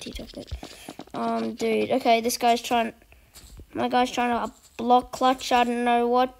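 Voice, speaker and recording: Woman, gaming host, chatty and excitable, higher voice, noisy recording with audible clicks. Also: gravelly. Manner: chatty and excitable, urging opponents on. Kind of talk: casual gameplay commentary.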